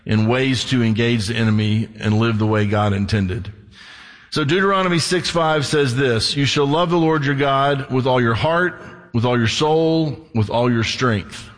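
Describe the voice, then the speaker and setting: A man's voice: mid-range voice, big-room sound. A man preaching a sermon in a conversational way, reading scripture aloud and repeating key words for emphasis. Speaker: pastor.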